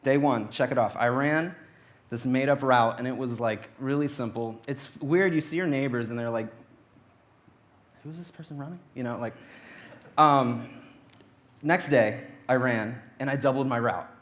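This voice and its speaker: A man's voice: medium pitch, normal speed. A young adult man giving a playful, anecdotal testimony to a church audience. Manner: playful, anecdotal, acts out quotes. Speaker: church speaker. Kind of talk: humorous personal testimony on stage. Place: church auditorium.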